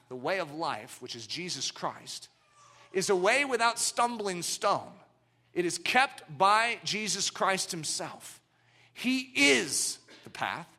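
Fervent middle-aged male preacher, high voice. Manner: dramatic swings between loud declarations and hushed, low passages. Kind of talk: sermon.

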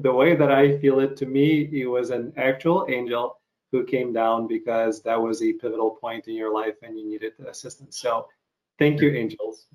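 A man hosting an interview, soft-spoken and reflective as he thanks his guest. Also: medium pitch, rough recording. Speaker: podcast host. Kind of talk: casual interview.

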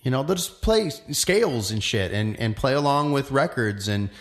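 A man who works as a musician and actor, musing in casual chat with lots of pauses and restarts. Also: mid-range voice, lively intonation, soft background music. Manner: reflective, rambling, many fillers and restarts.

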